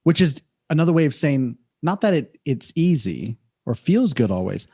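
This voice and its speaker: A man's voice: on the high side, very animated, normal speed, warm tone, breathy edge. A man hosting a podcast, talking in a reflective, affirming way. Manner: affirming, reflective, often says "beautiful". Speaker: podcast host. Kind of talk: conversational podcast interview.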